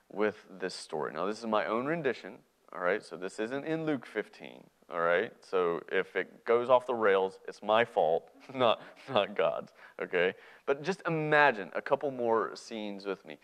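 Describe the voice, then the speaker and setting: A man's voice: fairly low pitch, fairly bright tone. A man preaching a sermon in a conversational way, often checking in with his listeners. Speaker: pastor.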